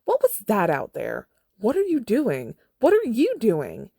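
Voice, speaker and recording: A woman reading aloud, voicing a furious teenage girl heroine, yelling angrily. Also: fairly low pitch, wildly swooping pitch, normal speed, no room sound, clean studio sound, voice pushed up. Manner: angry, yelling.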